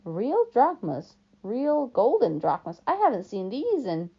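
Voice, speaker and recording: A woman voicing a smooth, greedy male ferryman of the dead, with a put-on British-like accent, drawling sweetly and coldly. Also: a little high, huge pitch swings, a little slow, full character voice. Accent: put-on British-like accent, as a second language. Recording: dull lo-fi recording.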